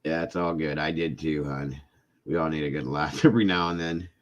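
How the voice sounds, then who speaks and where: A man's voice: extremely low pitch, steady tone, brisk, lo-fi sound. A middle-aged man hosting a casual live stream, chatting with viewers and often breaking into laughing fits. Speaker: livestream host chatting with viewers.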